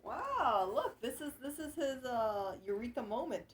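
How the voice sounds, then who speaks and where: A woman's voice: high voice, big pitch swings, measured pace. A woman at home teasing and chatting casually about a cat.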